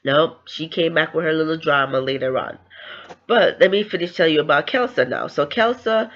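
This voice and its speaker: A woman's voice: sits low, moderate pace, fairly bright tone, dull audio. A woman giving a casual book recap, chatty and loose, often slipping into the characters' lines as she retells the story. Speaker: book reviewer.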